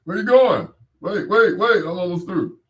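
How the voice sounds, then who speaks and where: A man's voice: sits high, normal speed, a bit bright, pitched above the performer's own voice. A man voicing a nasty, bullying big guy who threatens people between bites of food, in a raised, gloating voice. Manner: menacing, gloating, laughing at himself.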